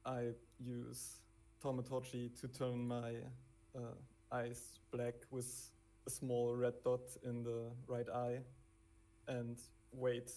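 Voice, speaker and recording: A man playing a tabletop game, speaking haltingly with many hesitations. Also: medium pitch, completely flat delivery, mellow. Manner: halting, hesitant, laughing between lines. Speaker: player. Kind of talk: casual tabletop game play.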